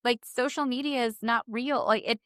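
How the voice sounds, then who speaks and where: Chatty woman with a smooth clear voice. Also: on the high side, moderate pace, no echo, studio quality. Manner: chatty, filler-heavy, animated quoting. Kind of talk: casual chat.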